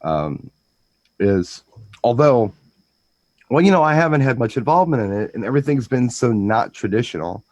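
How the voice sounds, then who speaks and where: A man chatting casually as a DJ co-host, telling stories in a rambling, animated way with lots of restarts. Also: mid-range voice, moderate pace, long pauses, dry recording. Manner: rambling, animated storytelling with frequent restarts and mimicked voices. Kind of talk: casual chat.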